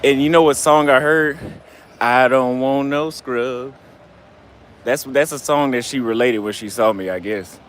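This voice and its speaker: A man's voice: mid-range voice, fairly even intonation, brisk, few pauses. A tipsy, slightly breathless man talks loosely into his handheld camera outdoors on a night street. His voice sits mid-height, and faint traffic and city hum run behind him. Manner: loose, rambling, profane, trailing off mid-thought. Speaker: travel vlogger. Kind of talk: casual street vlog monologue.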